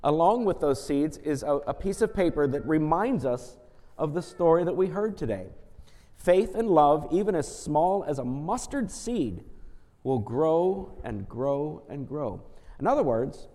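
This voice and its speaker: A man leading a children's message during a church service, talking gently and coaxingly as he tells a story to the kids. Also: a little high, very animated, a little slow. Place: church sanctuary. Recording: church service audio with long hall reverb.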